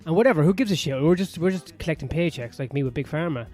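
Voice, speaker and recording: This podcast host from Ireland speaks quickly with lively intonation and a slightly high voice. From a sauna-area home in west London, with soft piano music behind him, he rambles through a sardonic, crude comedic monologue laced with swearing.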